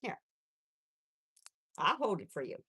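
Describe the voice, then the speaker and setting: A woman's voice: medium pitch, very animated, slow, sharp tone, slightly rough. Chatty lady on a phone livestream at home, talks sweet to her guinea pigs, voice swoops up and down a lot. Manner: chatty, coos at her pets. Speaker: pet channel host. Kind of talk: casual live stream chat. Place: home room with pets.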